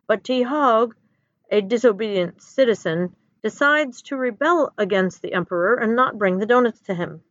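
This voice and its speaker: A woman's voice: fairly high pitch, lively intonation, normal speed, no echo, lo-fi sound. Woman reading a children's story aloud. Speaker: narrator.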